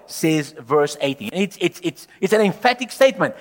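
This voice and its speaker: A man preaches a sermon in a high voice, pressing his points with emphatic repetition. His voice rises to loud declarations and drops to hushed, low lines. A long reverb trails each phrase, as in a church. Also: big pitch swings, moderate pace, few pauses. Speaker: pastor.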